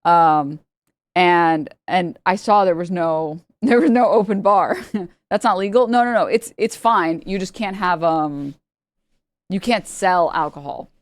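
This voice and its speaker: A woman's voice: on the low side, unhurried, dry recording, studio quality. A woman streamer telling a rambling story in casual chat, laughing often and mimicking the people in it. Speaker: livestreamer. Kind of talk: casual storytelling to a live audience.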